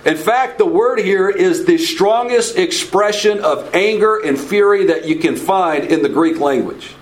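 A man with a notably high voice leads a conversational Bible study. He talks loosely, restarts his phrases and keeps checking in with his listeners by asking "okay?" and posing questions to the group. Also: animated, a little slow, rough recording. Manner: informal, repeats words, checks in with "okay?"; asks the audience questions. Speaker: Bible teacher.

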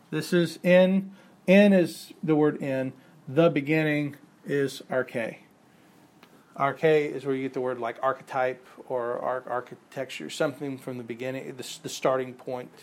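A man teaching a Bible class, explaining patiently, repeating key points and quizzing his students, with the odd chuckle at his own examples. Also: medium pitch. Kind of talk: classroom lecture.

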